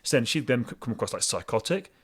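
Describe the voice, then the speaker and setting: A man's voice: mid-range voice, very animated, fast, breathy edge. A man guest on a podcast, telling his story candidly and with self-deprecating humour. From England.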